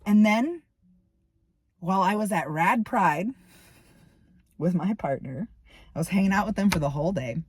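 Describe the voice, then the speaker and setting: A woman's voice: mid-range voice, animated, normal speed, long pauses, husky. A woman venting to camera, ranting in heated, profane bursts about a falling-out. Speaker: vlogger. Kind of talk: angry personal venting to camera.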